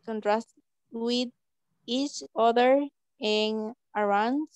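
A woman student reading a list aloud in class, halting and breaking words apart. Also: a little high, darkish tone, dry recording.

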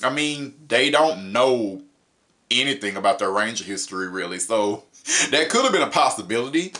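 Young guy chatting thru a show review, laughs a lot, voice jumps way up when he gets excited. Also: a little hiss or hum. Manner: animated, laughing, pitch jumps up for emphasis; paraphrases characters in quick mock voices. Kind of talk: casual spoken review.

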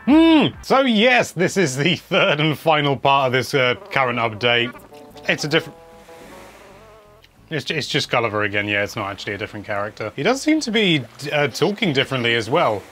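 A man's voice: medium pitch, animated, a little fast, pushed and bright. A man giving casual, wry commentary over gameplay, chatting and humming as he plays. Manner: wry, chatty, hums while playing. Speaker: game video presenter.

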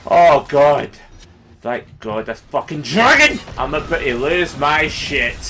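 A young man giving profane, excitable let's play commentary, yelling at his teammates. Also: on the high side, slow pace. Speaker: gaming video host.

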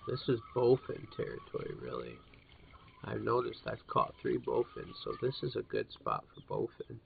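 A man's voice: mid-range voice, very animated, normal speed, creaky. A man giving laid-back commentary on a fishing game, chatting to his dog now and then. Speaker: gameplay commentator. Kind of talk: casual let's-play commentary. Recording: tinny, noisy lo-fi line.

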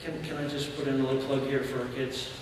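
A church elder preaching a sermon, telling a story and acting out shouted lines. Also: male voice, medium pitch, little pitch movement, fast, background noise. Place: church sanctuary. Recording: echoey hall from far off.

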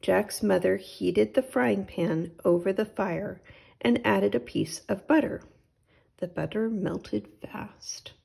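A woman reads a children's picture book aloud at a slow, gentle pace. Her voice has a strong gravelly fry and a husky, breathy grain. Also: mid-range voice. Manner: gentle, unhurried storytelling. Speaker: storytime host.

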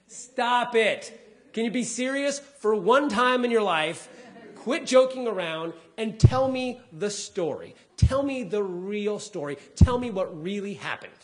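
A man's voice: high voice, expressive, unhurried, pitched above the performer's own voice. A man voicing his young daughter of six, impatient and begging for a serious answer. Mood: pleading. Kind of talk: stand-up comedy.

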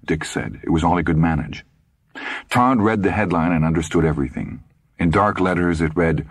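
A man reading an audiobook aloud with dramatic, expressive storytelling. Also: rumbling low, normal speed, gravelly, husky, no room sound, studio quality. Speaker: audiobook narrator. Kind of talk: scripted audiobook narration.

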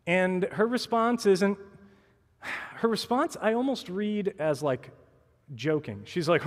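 A man's voice: fairly high pitch, animated, unhurried. A male pastor preaching a sermon in a casual, conversational way, acting out the quoted voices. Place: church sanctuary. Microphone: clip-on mic. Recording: long church hall reverb.

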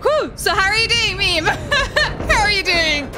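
A woman's voice: extremely high pitch, normal speed, bright, forceful tone, faint music behind, some chatter behind. A young woman with a Dutch accent giving live gameplay commentary, jumpy and shrieking and laughing at scares. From Netherlands. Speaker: streamer.

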